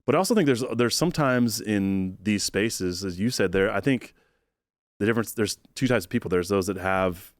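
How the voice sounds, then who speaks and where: A man's voice: on the low side, lively intonation, moderate pace, no room sound, clean studio sound. A man co-hosting a podcast, rambling through long run-on thoughts in casual chat. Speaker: podcast co-host.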